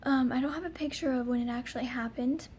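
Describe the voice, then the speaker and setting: A woman's voice: high-pitched, fast, a little mellow. Young woman, casual storytime vlog, rambling, faint background hiss. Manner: rambling, full of ums and likes. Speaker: vlogger.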